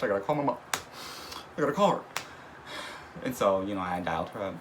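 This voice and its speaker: A young man telling a casual story, animated and profane, often laughing as he goes. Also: fairly low pitch, quick pace, long pauses, poor audio. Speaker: vlogger. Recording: noticeable background noise.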